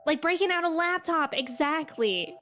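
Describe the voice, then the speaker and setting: A woman's voice: sits high, animated, moderate pace, pushed and bright, soft background music. A young woman from New England, a streamer casually chatting and reminiscing while reading and answering her live chat.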